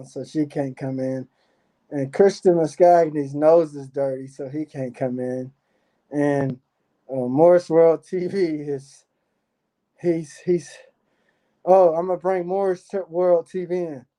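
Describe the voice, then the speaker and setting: A man's voice: on the high side, fairly even intonation, measured pace, warm tone. A man hosting a livestream, talking in a rambling, profane way with laughing asides. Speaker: livestream host. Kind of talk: casual rambling livestream talk.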